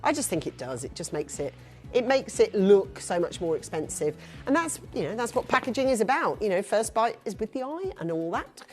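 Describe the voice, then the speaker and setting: A woman's voice: medium pitch, very animated, brisk, darkish tone, soft background music. A woman presenting a live shopping channel, chatty and upbeat, rattling off prices and buyers' names. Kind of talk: live TV selling.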